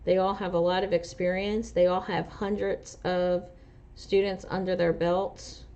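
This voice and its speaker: Her pitch is fairly low with little movement, her pace measured and her tone dark. She's a truck driver and instructor from New Jersey, by her accent, rambling casually through viewer comments on her livestream with many fillers, and the sound is dull and lo-fi.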